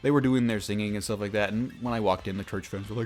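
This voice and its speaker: A young man with a deep voice, chatting casually over a let's-play and telling a story, rambling with many fillers and restarts. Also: quick pace. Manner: rambling, self-interrupting, lots of fillers and restarts. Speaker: gaming YouTuber. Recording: faint background game music.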